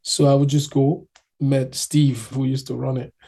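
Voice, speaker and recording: A man's voice: mid-range voice, level tone, a little slow, gravelly, warm tone, husky. A man from Nigeria telling his own story in casual chat, acting out other people's voices as he goes.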